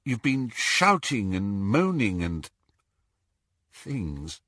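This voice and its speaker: A man's voice: on the low side, sing-song, drawn-out words, sharp tone, no room sound, studio quality, pitched below the performer's own voice, heavily acted. A man voicing a worried, earnest teenage girl, a young witch.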